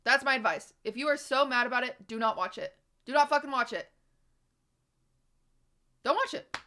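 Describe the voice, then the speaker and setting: A woman's voice: sits high, normal speed, bright, forceful tone. A young woman streamer ranting at her live chat, exasperated and profane, hammering her points home.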